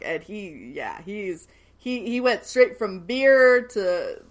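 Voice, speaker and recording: A young woman casually recapping a TV episode, animated and swearing freely as she acts out the characters' lines. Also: mid-range voice, takes it slowly. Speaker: podcast co-host recapping a TV show. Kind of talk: casual chat.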